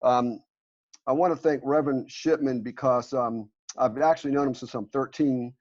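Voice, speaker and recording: A man's voice: medium pitch, fairly even intonation, moderate pace, a little mellow. A man speaking at a community panel, presenting a resolution in an earnest way with many fillers and restarts. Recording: muffled lo-fi audio.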